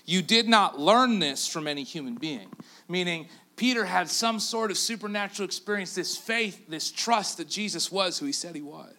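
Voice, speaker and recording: Bright-voiced animated pastor, a man. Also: high-pitched, normal speed. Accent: Canadian. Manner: animated storytelling, acting out quotes; drops to a near-whisper for emphasis. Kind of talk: sermon.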